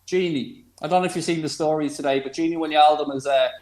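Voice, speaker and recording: A man's voice: a little high, steady tone, fast talker, a little mellow. A man, hosting a casual football podcast with teasing jokes. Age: 40s. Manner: jokey, teasing, steering the chat. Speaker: podcast host. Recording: roomy echo.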